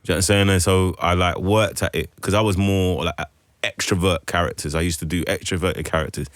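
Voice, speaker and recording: A man's voice: low-pitched, fairly even intonation, quick pace, dry recording, clean studio sound. A man with a London accent chatting as a guest actor on a radio show, rambling and slangy with many fillers. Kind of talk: casual radio interview chat. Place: radio studio.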